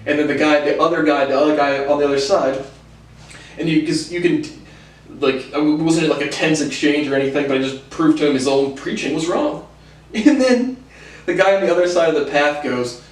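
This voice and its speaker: A man's voice: a little high, a little fast. Man, casual rambling talk, lots of fillers, chuckling, far from mic, very echoey room. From United States. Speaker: lecture series host.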